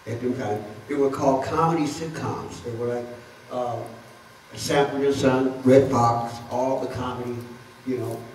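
A man's voice: mid-range voice, darkish tone, slight background noise. A man on a festival panel telling rambling anecdotes about dance history, with laughs in between. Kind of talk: storytelling talk. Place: large hall at a festival. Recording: echoey room from far off.

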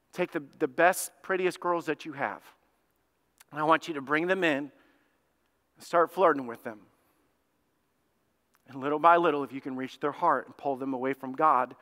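A man doing a sly hired prophet who whispers his scheme in low, confiding words. The voice stays bright and clear. It carries a long church-hall reverb. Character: hired prophet, reluctant then crafty.

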